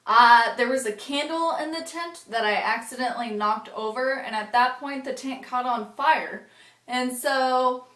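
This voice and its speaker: A young woman with a fairly high voice rambles through a casual vlog story, dropping "like" every few words and swearing freely. The recording has a noticeable roomy echo, as if she is talking in a bare room. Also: unhurried, bright, forceful tone. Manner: rambling, frequent "like" fillers and swearing. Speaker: vlogger. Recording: echoey room.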